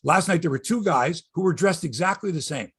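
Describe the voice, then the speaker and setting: Raspy, animated man rambling about sports. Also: fairly high pitch, fairly quick. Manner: rambling, profane, wry sports banter. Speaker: sports podcast host. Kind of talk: casual chat.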